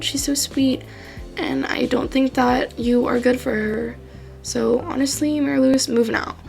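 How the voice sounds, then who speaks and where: A woman's voice: on the high side, creaky. A young woman ranking game characters in a casual, chatty way, full of fillers and swearing freely. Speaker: gaming YouTuber.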